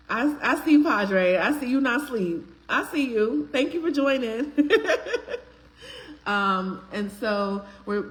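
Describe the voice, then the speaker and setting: A woman's voice: medium pitch, poor audio. A woman, hosting a live faith-based talk stream, greeting viewers by name in a chatty way with frequent ums. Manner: uses casual slang, filler ums. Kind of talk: casual live-stream chat.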